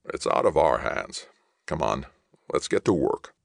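Steady, encouraging middle-aged official, read by a man, very deep and gravelly. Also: measured pace, dry recording, studio quality, heavily acted. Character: resigned middle-aged male official, upbeat.

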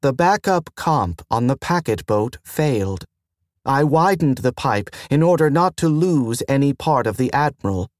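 A man's voice: medium pitch, animated, measured pace, no echo, studio quality, natural voice. A man reading an audiobook, voicing a woman pilot who reports in a clipped, matter-of-fact way. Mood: explaining. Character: female ship pilot, steady and formal.

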